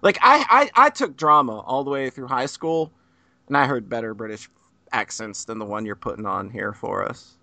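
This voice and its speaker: A man's voice: medium pitch, expressive, normal speed, creaky, bright, forceful tone, no room sound. A man hosting a podcast in a casual, teasing, joking way. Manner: joking, teasing, frequent laughs. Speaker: podcast host.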